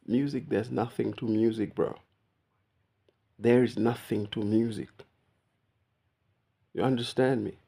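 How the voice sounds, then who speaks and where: This vlogger speaks straight to the viewer in a casual, rambling monologue, often calling the listener "bro" and imitating how other people greet him. His voice sits on the low side, steady, unhurried and creaky, with long pauses and a warm tone.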